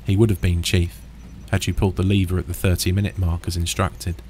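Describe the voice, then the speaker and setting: A man's voice: deep voice, little pitch movement, a little fast, a little mellow, slight background noise, close to an everyday voice. A man voicing a smug, sinister professor in a horror story. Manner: smug, cold.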